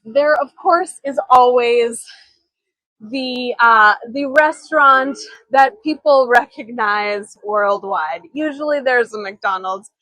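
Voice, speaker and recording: High-voiced chatty tour guide. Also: female voice, takes it slowly, bright, forceful tone, no echo, rough recording. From Chicago, USA. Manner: chatty, giggly, storytelling asides. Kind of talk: live-streamed walking tour. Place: outdoors on city streets.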